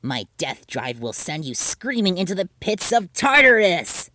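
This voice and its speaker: A man playing shrill melodramatic young girl, very high pitch, wild swings, dry storybook voice. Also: very animated, measured pace, pushed and bright, full character voice. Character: excitable girl, melodramatic dark servant.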